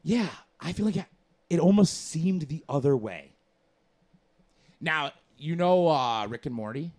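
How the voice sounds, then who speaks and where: A man chatting casually on a podcast, rambling and slangy with lots of energy. His voice sits a bit high for a man and swings widely up and down as he gets going. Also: lively intonation, unhurried, a little mellow. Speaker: podcast co-host. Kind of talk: casual chat.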